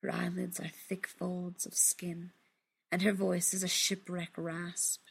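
A woman reading a literary story aloud in a hushed, measured, intimate way, often dropping into a whisper. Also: fairly low pitch, little pitch movement, slightly rough.

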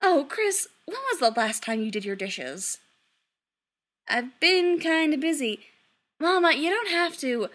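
A woman's voice: high-pitched, expressive, measured pace, fairly bright tone, voice pushed up. A woman voicing a bubbly, doting middle-aged witch mother who chatters sweetly. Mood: chattering.

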